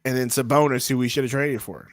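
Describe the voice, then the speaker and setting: A young man co-hosting a podcast, chatting casually and joking excitably while reacting to a live basketball game. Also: mid-range voice, fast, dry recording. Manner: joking, excitable, trash-talking. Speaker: podcast co-host.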